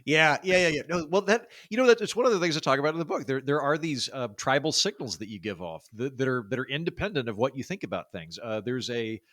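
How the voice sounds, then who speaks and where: A man from Oklahoma with a baritone voice, talking casually as a podcast guest, with lots of fillers and restarts. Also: sing-song, fast, few pauses, fairly bright tone, dry recording, clean studio sound. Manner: chatty, many fillers and restarts. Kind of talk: casual interview talk.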